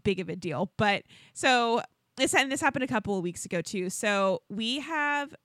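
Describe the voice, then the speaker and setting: A young woman co-hosting a podcast, telling a story in casual chat and acting out the quotes in a high voice. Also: animated, normal speed, fairly bright tone, no echo, clean studio sound. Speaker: podcast co-host. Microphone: podcast studio microphone.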